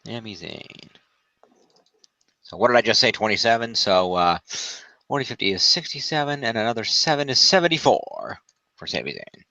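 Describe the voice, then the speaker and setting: A man hosting a casual podcast, recapping wrestling and tallying fantasy points out loud in a laid-back way. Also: fairly low pitch, big pitch swings, normal speed, no room sound, highs cut off. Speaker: podcast host.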